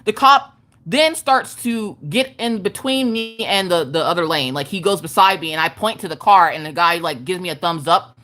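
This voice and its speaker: A woman, telling a story in a casual livestream chat, animated, profane and emphatic. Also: fairly low pitch, normal speed. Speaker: craft livestream host.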